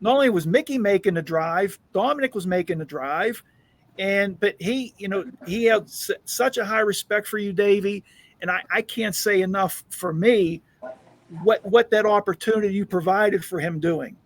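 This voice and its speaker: A man's voice: high-pitched, moderate pace. A man speaking earnestly, stumbling over his words.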